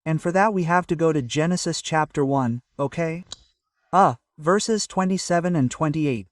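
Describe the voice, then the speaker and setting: A man's voice: a little high, normal speed, no room sound, studio quality, far from the mic. A man giving an earnest, casual motivational talk to camera and often checking in with "okay?". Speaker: motivational vlogger. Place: at home early in the morning.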